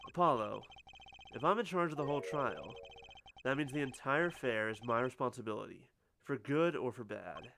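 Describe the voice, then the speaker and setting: A performer voicing a dry, teasing older male lawyer who talks in an unhurried, knowing way, in a fan voice-over of a game. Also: mid-range voice, animated, noisy background, lightly acted. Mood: calm. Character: calm, wry older male lawyer mentor.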